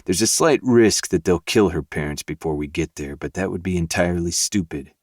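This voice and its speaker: A man, the podcast host, narrating a dark novel in first person with steady, measured delivery. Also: low voice, no room sound, clean studio sound.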